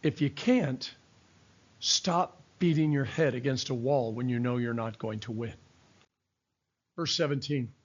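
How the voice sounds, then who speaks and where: A man's voice: mid-range voice, a little slow, pauses often, lo-fi sound. An older man, a pastor, teaching a verse-by-verse Bible study in a conversational preaching style, mixing scripture with personal stories.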